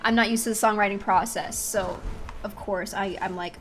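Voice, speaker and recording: With a mid-range, steady voice that's a bit bright, she talks at normal speed. She's a young woman streaming a game, casually chatting with viewers in a giggly, self-mocking way, video game music in the background.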